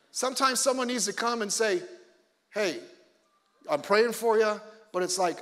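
A male pastor preaching a conversational sermon with joking asides, swinging between loud emphasis and quiet low remarks. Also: expressive, normal speed, long pauses, long reverb tail.

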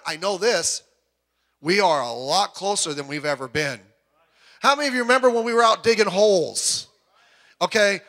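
A middle-aged man preaching a sermon as a pastor, animated and joking, sometimes breaking into loud outbursts. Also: high-pitched. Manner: puts on voices when quoting people.

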